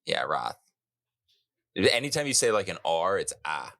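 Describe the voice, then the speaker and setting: Deep, animated man co-host. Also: a little slow, gravelly. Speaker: podcast co-host. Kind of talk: casual podcast banter.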